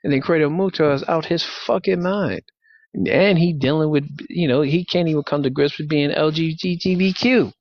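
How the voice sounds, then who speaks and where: A man's voice: on the high side, normal speed, no room sound, lo-fi sound. A man hosting a casual debate chat, laughing often and lecturing with profanity. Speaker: host.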